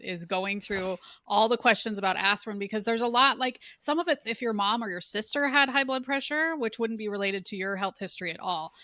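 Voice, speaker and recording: Bright-voiced woman host speaking to listeners. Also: mid-range voice, no echo. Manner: direct, addresses listeners. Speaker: podcast host, nurse. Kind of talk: casual interview chat.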